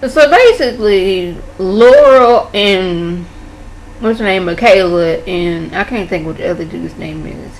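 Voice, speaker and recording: A woman talking casually as a vlogger, walking through an episode of a show in a chatty recap. Her voice sits at a middling pitch, and she slips into quick impressions of the characters as she retells scenes. A faint hiss of noise runs underneath. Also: low-quality recording.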